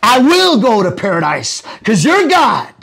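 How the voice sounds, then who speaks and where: A man, a pastor, arguing heatedly in a debate, shouting accusations and quoting scripture, at times breaking into chant-like speech. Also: extremely high pitch, wildly swooping pitch, unhurried, creaky. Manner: bursts into tongues-like chanting.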